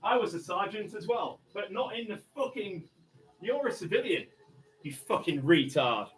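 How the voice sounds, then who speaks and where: Furious, profane Englishman, fairly high voice. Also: lively intonation, moderate pace. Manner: aggressive, profane, demanding; swings between low muttering and angry shouting. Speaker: livestreamer in a police standoff. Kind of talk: livestreamed confrontation. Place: inside a house.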